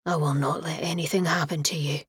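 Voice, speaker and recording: A woman voicing a brooding, protective Highland warrior man, speaking low, hushed and stern. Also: fairly even intonation, moderate pace, dry recording, clean studio sound, close to an everyday voice.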